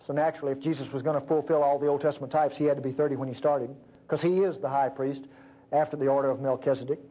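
A man preaching a sermon fervently, swinging between loud emphasis and hushed low passages. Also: little pitch movement, quick pace. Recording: dull lo-fi recording.

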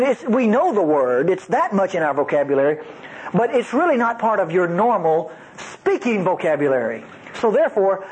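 Animated high-voiced preacher. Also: male voice, slight background noise, poor audio. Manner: animated, emphatic and folksy, with playful asides. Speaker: Bible teacher. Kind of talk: teaching sermon.

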